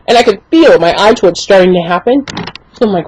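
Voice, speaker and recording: A young woman vlogger telling an exasperated, animated story in casual chat, full of "like" fillers. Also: mid-range voice, moderate pace, poor audio. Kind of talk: casual ranting story to camera.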